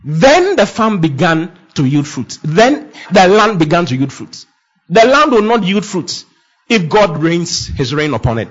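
Male preacher, husky and emphatic, with a muffled lo-fi recording. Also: high-pitched, sing-song, measured pace. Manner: emphatic, repetitive declarations, swings from loud to hushed. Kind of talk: sermon. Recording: dull lo-fi sound.

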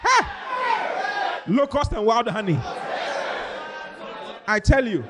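A male pastor preaching a lively sermon, reading scripture and acting out the people in it, sometimes shouting. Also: fairly high pitch, brisk, crowd noise, noisy background. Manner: animated, shouting out and acting out Bible characters.

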